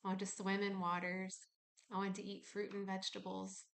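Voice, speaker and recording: Woman voicing her own body as a quiet, weary woman, hushed and half-whispered, asking for simple things. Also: mid-range voice, completely flat delivery, brisk, vocal fry.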